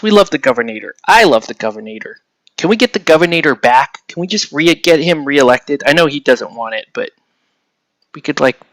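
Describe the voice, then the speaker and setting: A man's voice: on the high side, a bit bright, no room sound. A man from the United States chatting casually with live viewers while painting miniatures, rambling and swearing lightly as he answers the chat.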